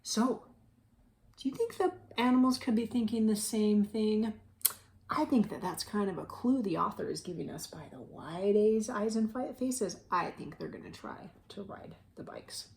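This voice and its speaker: Animated woman reading a picture book. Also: medium pitch, moderate pace, gravelly. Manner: animated, with gasps and questions to children. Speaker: teacher reading aloud. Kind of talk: picture book read-aloud for children.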